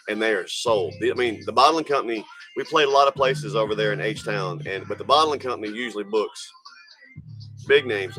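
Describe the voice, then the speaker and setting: A man hosting a late-night livestream, chatting in a relaxed, profane, joking way. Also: on the low side. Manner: profane, laid-back banter. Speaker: livestream host.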